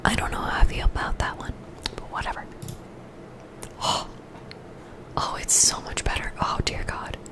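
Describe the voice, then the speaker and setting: A woman's voice: moderate pace, pauses often. A young woman whispering through an ASMR livestream, giggly and self-mocking as she talks straight to her chat. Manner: addresses chat directly. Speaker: ASMR streamer. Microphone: earbuds with a streaming mic.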